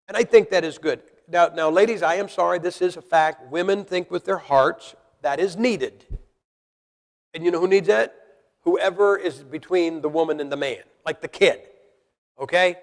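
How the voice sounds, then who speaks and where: Before a congregation in a church hall, a man preaches at a normal speed in a slightly high voice. His style is blunt and folksy, full of rhetorical questions. A long large-hall reverb colors the audio.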